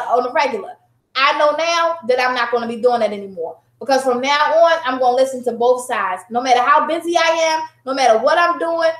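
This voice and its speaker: A woman's voice: on the high side, fairly bright tone, echoey room. A middle-aged woman on a talk show panel, telling a story from home in a casual, emphatic way.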